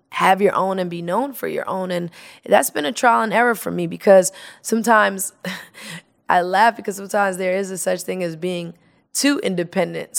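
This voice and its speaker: A woman's voice: medium pitch, vocal fry. A woman guest in casual interview chat, telling stories with laughter and acting out quoted lines. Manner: animated, laughing storyteller who acts out quotes.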